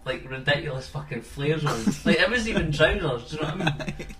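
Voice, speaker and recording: A man swearing freely as he tells animated stories, his voice slightly high for a man. He sounds roomy and echoey, with a clear crowd murmur behind him. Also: brisk, recorded from a distance. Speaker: podcast co-host. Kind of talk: casual chat.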